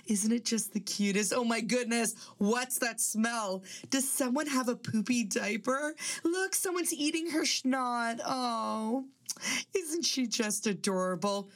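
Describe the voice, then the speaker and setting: Casting note: a condescending older mother-in-law with a high, sugary voice, put on by a woman. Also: takes it slowly. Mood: fake-sweet. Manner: fake-sweet, backhanded nagging.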